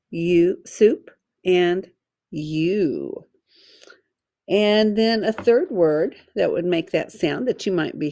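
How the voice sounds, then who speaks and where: A woman teacher giving a slow, careful phonics lesson for children, sounding out letters and syllables one by one. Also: lowish voice, gravelly, warm tone.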